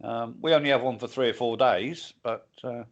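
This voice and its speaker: Older male co-host, mid-pitched, sweary and rambling; lo-fi sound. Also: moderate pace. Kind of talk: casual livestream chat.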